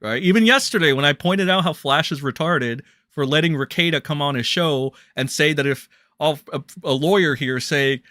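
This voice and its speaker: A man's voice: on the high side, moderate pace, no room sound, studio quality. A young man ranting bluntly and crudely as a drama commentary streamer on a livestream. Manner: blunt, crude, ranting with sudden loud jumps.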